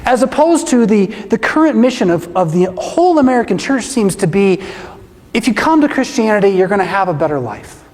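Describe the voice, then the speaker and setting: A middle-aged pastor giving an animated, emphatic talk to a church audience, often tossing in rhetorical questions. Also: male voice, sits high, fairly quick. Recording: long reverb of a large hall.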